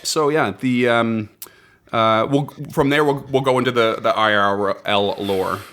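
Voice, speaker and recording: A man's voice: mid-range voice, a little slow, fairly bright tone, smooth. A man hosting a casual podcast, reading out folklore notes with enthusiasm and laughing often. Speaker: podcast host.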